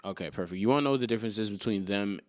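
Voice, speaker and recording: A man co-hosts a sports podcast in casual chat, ranting and teasing with lots of energy. His voice sits a little low and sounds dry and close to the mic. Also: racing, darkish tone, no echo. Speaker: podcast co-host.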